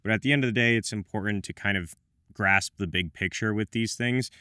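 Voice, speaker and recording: A man with a fairly low voice talks through a product review from a script. He drops in wry, self-deprecating asides. The recording is dry and close, with no room sound. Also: fairly quick, sharp tone, clear, resonant tone, no room sound. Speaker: menswear reviewer.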